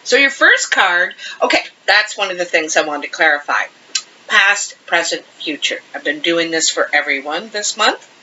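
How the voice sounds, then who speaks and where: A woman's voice: fairly low pitch, animated, moderate pace, bright, forceful tone, a little hiss or hum. A woman giving a casual, chatty tarot reading to camera, rambling a little and laughing easily, on a dull lo-fi home recording. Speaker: tarot card reader.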